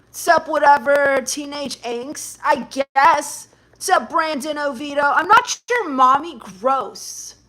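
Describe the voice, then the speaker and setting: A woman hosting a live stream, reading her chat aloud and answering it with dry sarcasm. Her voice sits high and light. She mocks and snaps back at the messages. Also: expressive, takes it slowly, fairly bright tone. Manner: sarcastic, mocking.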